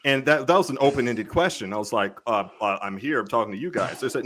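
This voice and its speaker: A man's voice: medium pitch, expressive, a little fast, hardly any pauses, fairly bright tone, a little hiss or hum. A man guest telling a casual anecdote, stammering and acting out the people he quotes. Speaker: guest author. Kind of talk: casual storytelling.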